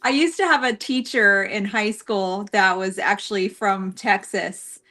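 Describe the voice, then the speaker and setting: A woman co-hosting a casual livestream chat over a video call, chatty and quick to laugh while telling stories. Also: mid-range voice, sharp tone. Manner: chatty, laughs often, storytelling.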